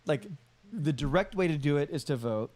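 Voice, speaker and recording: Man, podcast co-host, raised pitch, rambling, repeats himself. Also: animated, moderate pace, a little mellow. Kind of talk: casual chat.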